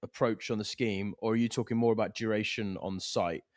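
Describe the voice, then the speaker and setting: A man's voice: lowish voice, no echo, studio quality. A man co-hosting a podcast, asking questions and trading swear-laden banter with his friends. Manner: lively, sweary, quick to laugh. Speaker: podcast co-host. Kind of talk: casual banter.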